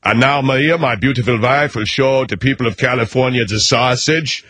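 A man's voice: medium pitch, steady tone, moderate pace, a bit bright, husky, no echo. A man putting on a pompous impression of a German-accented strongman actor turned governor. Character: bombastic Austrian bodybuilder-actor turned governor.

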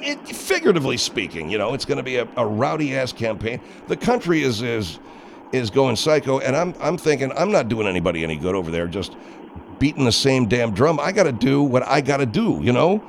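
Exasperated, gravelly-voiced male radio host. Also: mid-range voice, big pitch swings, fairly quick, slight background noise. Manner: exasperated and insistent. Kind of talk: comedic talk radio banter.

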